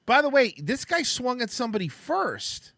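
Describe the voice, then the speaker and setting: A young man chatting on a talk show, brash and profane, his bright voice swinging widely in pitch. He goes from loud bursts to low mutters. The sound is dry and close. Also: sing-song, moderate pace, no room sound. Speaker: podcast co-host. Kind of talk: casual chat reacting to a video.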